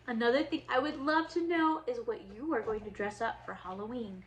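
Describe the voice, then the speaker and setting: A woman's voice: fairly high pitch, a little fast. A woman teaching preschoolers and reading a picture book aloud in a cheerful, sing-song manner. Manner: cheerful, sing-song storytelling for little kids.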